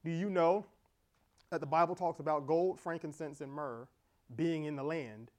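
A middle-aged pastor delivers a sermon in a slightly high voice. He preaches with animated energy, laughing along and acting out quoted exchanges. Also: normal speed.

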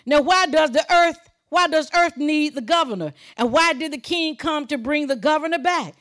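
Woman preacher, high voice, emphatic sermon delivery with loud points and low asides. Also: normal speed. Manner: chuckles while preaching, conversational.

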